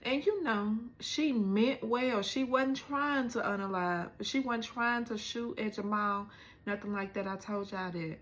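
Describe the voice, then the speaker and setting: Slow-talking emotional woman recapping a show. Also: mid-range voice, fairly bright tone, reverberant. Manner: emotional, retelling scenes with rising exclamations. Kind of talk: casual episode recap.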